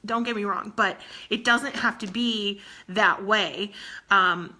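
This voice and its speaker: A woman's voice: medium pitch, steady tone, slow pace, pushed and bright. A woman in her thirties, a fitness coach, talking earnestly to her team while close to tears, often repeating herself. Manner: earnest, tearful, repeats phrases. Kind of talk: emotional motivational talk to her team.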